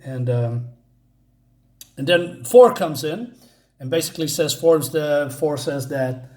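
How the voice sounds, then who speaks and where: A man talks through a comic book review in a rambling, excited way, stumbling over his words and starting again. His voice sits a bit higher than most men's. The sound carries a roomy echo. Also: a little slow. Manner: enthusiastic, rambling with many restarts. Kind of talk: casual review vlog.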